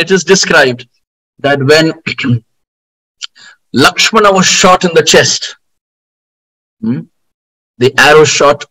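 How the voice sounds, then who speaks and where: A man giving a devotional sermon, telling stories in an animated way, with outbursts and frequent laughter. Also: on the high side, rough recording. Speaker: spiritual teacher.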